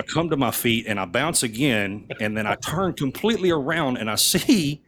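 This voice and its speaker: A man's voice: normal speed, hardly any pauses, slight background noise. A man, a military veteran, telling funny stories on a podcast and laughing often as he goes. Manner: animated, laughs often, swings his voice up high for quoted lines. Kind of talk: casual podcast storytelling.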